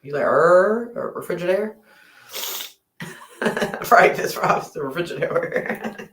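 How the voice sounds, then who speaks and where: This livestream host has a fairly low, animated voice and takes her time. Broadcasting from home late at night on a laptop or phone mic in an echoey room, she rambles, laughs and becomes drowsy.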